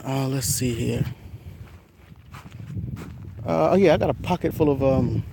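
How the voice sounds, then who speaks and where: A man's voice: mid-range voice, noisy background. A young man chatting casually in his outdoor garden while filming on a phone, rambling about his plants and talking to his cats. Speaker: gardening vlogger. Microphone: phone camera.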